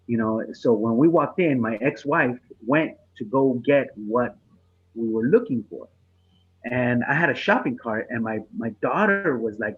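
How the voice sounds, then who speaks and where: A man, a comedian, casually telling a profane story on a podcast, getting animated and laughing through the punchline. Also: medium pitch, husky, narrow, tinny audio.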